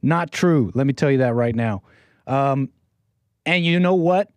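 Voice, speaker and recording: A man's voice: medium pitch, a little slow, darkish tone, clear, resonant tone, dry recording. A man hosting a call-in livestream show, talking in a brash, rambling way with playful catchphrases. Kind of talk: casual livestream monologue.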